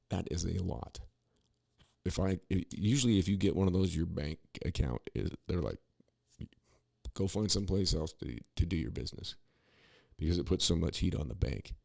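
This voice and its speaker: A man's voice: low-pitched, fairly quick, creaky, mellow, no room sound, studio quality. A man co-hosting a podcast, talking in a rambling, opinionated way with many restarts and asides. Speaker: podcast co-host. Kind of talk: casual political commentary.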